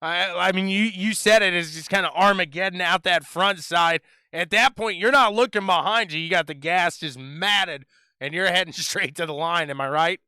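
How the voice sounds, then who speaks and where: Bright, crisp-voiced man interviewing racers. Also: sits high, normal speed, dry recording. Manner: upbeat, hyped sports-broadcaster patter. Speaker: post-race interviewer. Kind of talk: post-race interview on a sim racing broadcast.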